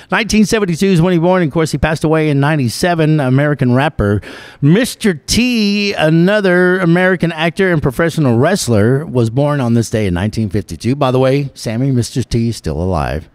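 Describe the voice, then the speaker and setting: Lively rambling host. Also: male voice, fairly high pitch, brisk, no echo. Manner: rambling, laughs often, drawling storyteller. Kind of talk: casual radio-style show chat.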